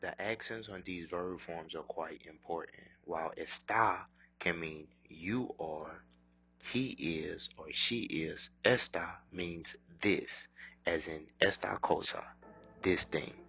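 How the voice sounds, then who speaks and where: A man teaching a language lesson, drilling short phrases slowly and deliberately with pauses. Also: low-pitched, gravelly, sharp tone, husky, dull audio, faint music behind.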